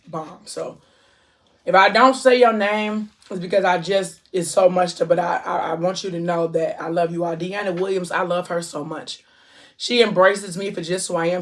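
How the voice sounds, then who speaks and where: Woman vlogger, from ohio, casual chat to camera, effusive, loving shout-outs. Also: fairly low pitch. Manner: effusive, warm shout-outs, drawn-out endearments.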